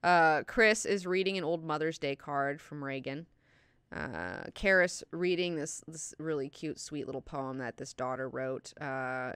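Woman, book class host, casual recap, swears a lot, slightly low pitch, bright tone. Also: smooth, dry recording, clean studio sound. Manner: chatty and profane, heavy use of filler words.

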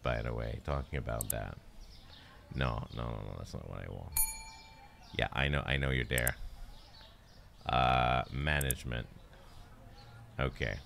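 A man's voice: extremely low pitch, fairly bright tone. A young man streaming a shop game, playfully playing a polite cashier who greets and thanks each customer. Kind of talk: casual game commentary.

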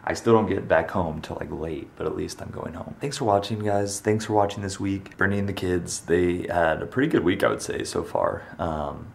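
Low, gravelly young man vlogging. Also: fairly quick, hardly any pauses, a little hiss or hum. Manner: rambling, apologetic, filler-heavy. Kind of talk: casual vlog outro.

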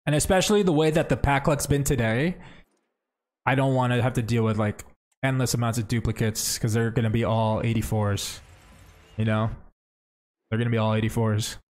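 Young guy streaming, chatty, thinks out loud, lots of bro and man. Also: mid-range voice, fairly even intonation, moderate pace, pauses often. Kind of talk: casual livestream commentary.

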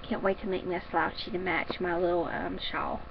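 A woman's voice: on the low side, fairly even intonation, normal speed, creaky, dull audio. Lady chatting about yarn in her craft room, a bit breathless, faint hiss. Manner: rambling, chatty, homey. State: a little out of breath. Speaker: crafting vlogger. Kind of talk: casual chat.

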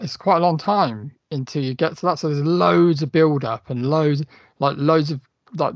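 A man's voice: fairly high pitch, no room sound. Rambling, laughing male podcast host. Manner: enthusiastic, laughs often, rambling. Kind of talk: casual chat. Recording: dry, muffled podcast audio.

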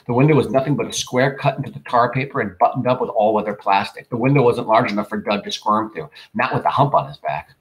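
Man narrating an audiobook, low voice, measured, unhurried, small restarts. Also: poor audio. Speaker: audiobook reader. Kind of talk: scripted narration of a horror novel.

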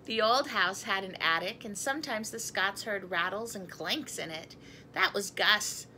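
A woman's voice: mid-range voice, a little slow, sharp tone, a little hiss or hum. A woman reading a picture book aloud in a chatty manner. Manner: chatty, breaks off to talk to her cat and laugh. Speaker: storybook reader.

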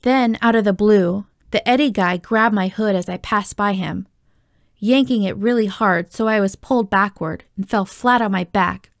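Woman, story reader, gravelly tone, dry close recording, expressive. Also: medium pitch, moderate pace, no echo. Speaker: audiobook reader. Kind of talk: reading a children's novel aloud.

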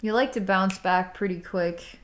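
A woman psychic healer talks a client through an energy healing session in a loose, chatty way. Her speech is full of "like", with laughs and sighs in between. Her voice sits at an ordinary middle pitch. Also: a little slow. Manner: casual and chatty, heavy use of "like", frequent laughs and sighs.

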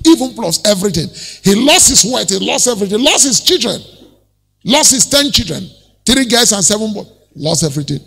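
Nigerian pastor, high lively gravelly voice, sermon in an echoing church. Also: male voice. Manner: animated storytelling preaching with laughs.

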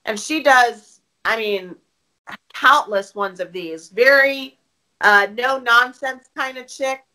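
A woman podcaster talking about her show in an interview, open and animated, often restarting her sentences. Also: fairly high pitch, slow pace, poor audio. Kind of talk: casual interview conversation.

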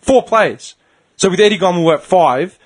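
A male podcast host tells a long story in casual chat, animated and swearing as he acts out the people in it. His voice sits high and is slightly rough, at a normal speed.

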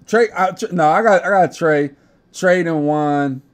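A man's voice: a little high, a little slow. A young man hosting a casual gaming podcast, talking brash, profane trash talk. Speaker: podcast host.

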